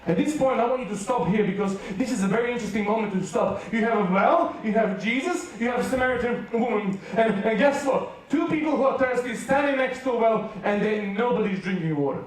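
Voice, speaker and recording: A man's voice: extremely high pitch, lively intonation. A man from Serbia with a Serbian accent, preaching a playful, joking sermon to a youth rally. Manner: playful storytelling with jokes and quick asides. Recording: very echoey hall, mic far off.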